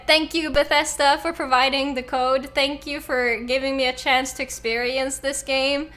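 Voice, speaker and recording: A woman's voice: high voice, sharp tone. A woman streaming a video game, talking emotionally and effusively to her viewers. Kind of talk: live gameplay stream commentary.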